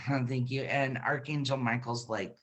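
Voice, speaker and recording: A woman's voice: extremely low pitch, fairly even intonation, a little slow. A middle-aged woman giving an intuitive reading in a casual, reassuring way, with frequent laughs and fillers. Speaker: intuitive card reader. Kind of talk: spiritual reading, casual chat.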